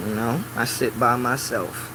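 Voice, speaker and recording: This livestreamer, a man with a medium-pitched, fairly even voice, talks a little slowly while hosting a casual stream from a small office at work, with background noise audible. He strings loose phrases together with plenty of "you know", growing loud and preaching when riled.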